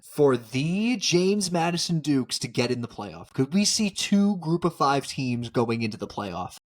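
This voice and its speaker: A man co-hosting a casual sports podcast, animated and quick to laugh, often talking over his partner. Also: fairly high pitch. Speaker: podcast co-host.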